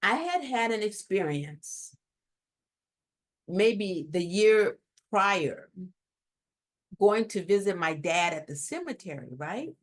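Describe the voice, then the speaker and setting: A woman guest telling a personal story in a lively way, often checking in with "right?". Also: mid-range voice, slow, long pauses. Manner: lively, tag questions like "right?". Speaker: guest telling her near-death story.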